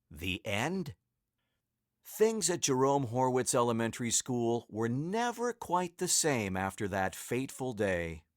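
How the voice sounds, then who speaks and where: A man narrating a children's storybook aloud in a slow, expressive way. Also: mid-range voice, dry recording, studio quality.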